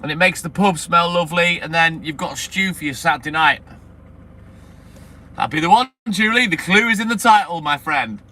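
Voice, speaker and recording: A man's voice: fairly high pitch, moderate pace, sharp tone. A chatty, friendly man on his milk round, rambling casually to live viewers. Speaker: milkman streamer. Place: outdoors by a vehicle on a milk round. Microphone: phone. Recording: noisy outdoor phone stream. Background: street and vehicle noise.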